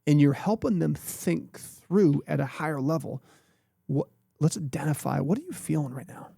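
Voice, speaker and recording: A man with a gravelly, mellow voice talks with emphatic coaching energy on a podcast. His voice sits a little higher than most men's, and the sound is close and dry. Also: lively intonation, normal speed, dry recording. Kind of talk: earnest podcast talk.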